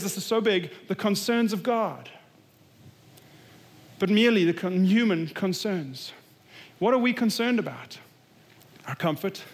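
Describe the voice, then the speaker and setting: A man delivers an earnest, emphatic sermon in a high-pitched voice. He often drops low and quiet to drive a point home. His words ring out with the long reverb of a large hall. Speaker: pastor.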